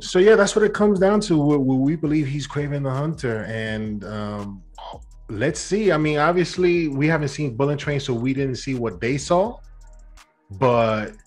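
A man with an even, mid-pitched voice hosting a casual podcast. He talks in a relaxed, conversational way and turns questions over to his co-host, with faint music behind him. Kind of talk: casual pop-culture chat.

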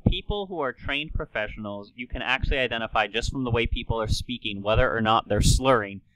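A man hosting a podcast, explaining in an enthusiastic, lecturing tone. His voice is bright and forward, recorded close on a studio mic with a dry sound. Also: mid-range voice, fairly quick, dry recording, poor audio. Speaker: podcast host.

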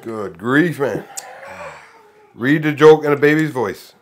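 A man's voice: mid-range voice, takes it slowly. A man co-hosting a joke-reading game, chatting casually with mumbled asides and easy laughter. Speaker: co-host.

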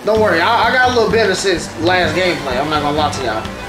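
A woman streamer giving casual, animated commentary over gameplay, talking straight to her viewers. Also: fairly low pitch, fast. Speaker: gaming streamer. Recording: roomy echo with faint background music.

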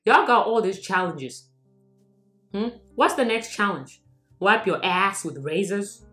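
A woman's voice: mid-range voice, lively intonation, measured pace, bright, forceful tone, echoey room, soft background music. A South African woman vlogging in casual commentary, mocking and laughing often as she switches between English and local languages.

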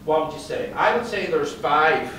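A man giving a motivational talk to an audience, telling stories and quizzing the crowd in a lively way. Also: on the high side, normal speed, slight background noise. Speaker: conference speaker and psychologist. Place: event hall. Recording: roomy hall, distant pickup.

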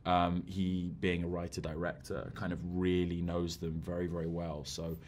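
A man's voice: sits low, monotone, normal speed, darkish tone. A young man, an actor, answering interview questions thoughtfully with many fillers and hedges. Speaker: actor guest.

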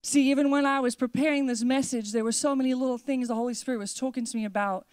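Emphatic woman pastor preaching, higher voice. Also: steady tone, a little mellow, clear, resonant tone, no room sound, studio quality. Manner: emphatic preaching with repeated declarations, slowing for weight. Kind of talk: sermon. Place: church.

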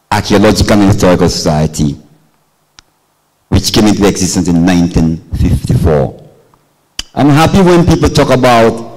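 A man's voice: lowish voice, a little mellow. A man speaking from the floor at a lecture, emphatic, with rhythmic repetition. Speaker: audience member, society secretary. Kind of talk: speech from the floor. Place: lecture hall. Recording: long hall reverb.

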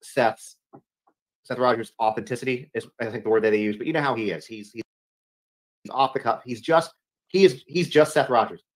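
A man's voice: mid-range voice, normal speed, low-quality recording. A man interviewing a guest, meandering and searching for his words. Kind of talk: interview question.

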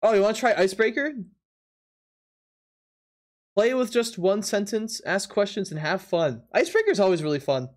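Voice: mid-range voice, very animated. Chatty streamer laughing with the chat. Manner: chatty, laughs often, talks straight to the chat; quick bursts with stumbling restarts. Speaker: live streamer. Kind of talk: casual live-stream chat while playing a drawing game.

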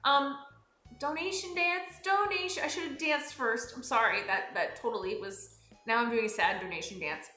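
A young woman streaming a game, bubbly and excitable, swinging between high squeals and low mutters. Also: normal speed, reverberant, soft background music. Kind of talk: live-streamed game play.

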